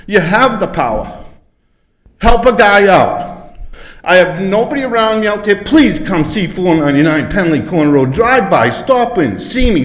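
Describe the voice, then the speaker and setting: A man giving an emotional public comment at a council podium, pleading and frustrated. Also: high-pitched. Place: council chambers. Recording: echoey hall.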